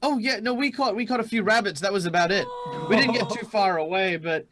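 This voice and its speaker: A man voicing an excitable trio of young fans who gush over the heroes. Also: sits high, brisk, noisy background, pitched above the performer's own voice, lightly acted. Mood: eager. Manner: gushing, breathless.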